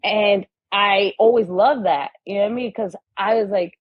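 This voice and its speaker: A woman's voice: mid-range voice, moderate pace, slightly rough, dry recording, narrow, tinny audio. A woman guest on a podcast in casual conversation, telling stories animatedly and acting out the voices of the people in them.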